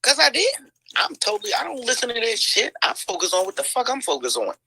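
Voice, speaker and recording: A woman's voice: on the high side, huge pitch swings, quick pace, gravelly, bright, forceful tone, husky, dry recording, rough recording. A woman hosting a livestream, talking in heated commentary with lots of swearing, sighs and "mm-mm"s. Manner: profane, exclaiming, lots of sighs and mm-mm.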